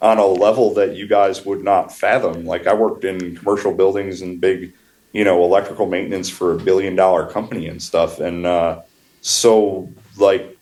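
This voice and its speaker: A man's voice: deep voice, steady tone, normal speed, a little mellow, poor audio. A man from upstate New York, a flooring contractor, telling rambling work stories in casual podcast talk, laughing often and restarting his phrases. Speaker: wood flooring contractor guest.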